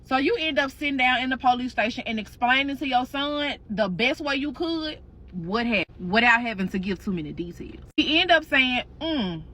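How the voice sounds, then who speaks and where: A woman spins a dramatic story with slang, swearing and lively energy. Her voice sits high and sounds sharp and bright. The delivery is loose and chatty. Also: normal speed. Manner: slangy, animated, profane. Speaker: storytime host. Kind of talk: casual storytelling.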